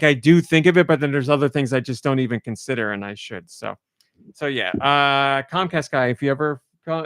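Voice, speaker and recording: A man hosting a casual podcast, telling stories in an animated way and acting out quotes. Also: mid-range voice, smooth, no room sound, clean studio sound. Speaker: podcast host.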